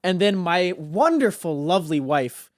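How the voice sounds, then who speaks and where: A man's voice: sits high, sing-song, unhurried, no echo, studio quality. A teenage man, a podcast guest, telling a rambling story in casual chat with plenty of filler words. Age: teens.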